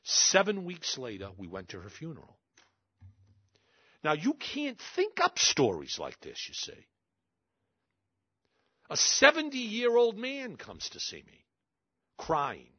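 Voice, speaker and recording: A man giving an emphatic storytelling talk, full of pauses and asides to the audience. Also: a little high, wildly swooping pitch, slightly rough, no echo, lo-fi sound. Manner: emphatic, dramatic pauses, repeats "you see". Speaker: public speaker.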